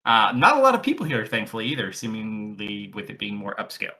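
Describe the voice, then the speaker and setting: A man's voice: fairly low pitch, breathy edge. A man narrating as game master of a tabletop game, joking with the players as he runs the scene. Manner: lively, joking, quick asides to players.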